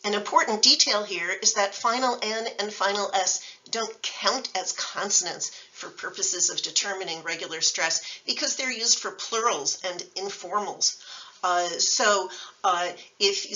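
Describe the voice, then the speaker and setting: A woman's voice: mid-range voice, a little slow, bright, forceful tone. A woman instructor giving a recorded language lecture, explaining patiently and methodically with example words. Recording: dull lo-fi sound from a distant mic.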